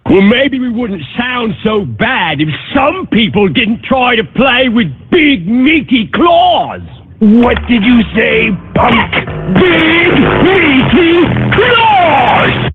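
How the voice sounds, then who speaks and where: Squeaky, slow-drawling cartoon tough guy, taunting; tinny phone playback with music. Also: very animated, exaggerated voice. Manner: drawling, taunting, shouted catchphrase.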